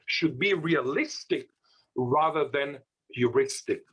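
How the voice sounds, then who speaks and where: A man's voice: mid-range voice, slow, fairly bright tone, husky. A man giving a scholarly lecture as a linguist, with playful asides and recorded over a video call.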